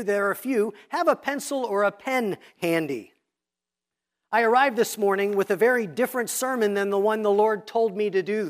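High-voiced man preaching a guided Bible study. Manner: instructive, walking listeners step by step through a text. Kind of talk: sermon teaching Bible study method. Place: church sanctuary.

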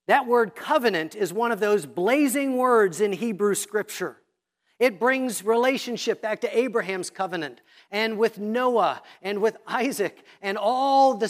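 Pastor, expository sermon, reads scripture with slow weight, teacherly asides on repetition. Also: medium pitch. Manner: reads scripture slowly and deliberately, then explains; teacherly, points out repeated themes.

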